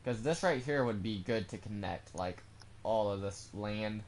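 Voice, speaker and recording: A man's voice: lowish voice, unhurried, a little mellow, slight background noise. Goofy swearing young gamer man. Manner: goofy, swears, bursts into silly sung bits. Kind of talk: casual let's-play commentary.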